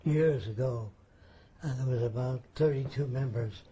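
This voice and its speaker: A man telling a personal anecdote in a deliberate, emphatic way, checking that the listener follows. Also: medium pitch, mellow, slight background noise, low-quality recording. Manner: deliberate, emphatic, rhetorical questions. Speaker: storyteller. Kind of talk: casual storytelling.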